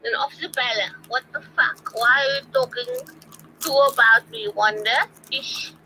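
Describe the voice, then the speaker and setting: High, lively, bright-voiced woman rambling. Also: slight background noise, poor audio. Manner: rambling, halting, repeats herself. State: drunk. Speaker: stream guest caller. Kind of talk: confrontational live-stream call.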